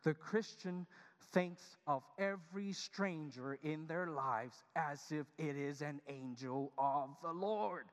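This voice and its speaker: High-voiced male pastor preaching. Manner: humorous, animated, addresses congregation directly. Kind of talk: sermon. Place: church sanctuary. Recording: long reverb of a large church hall.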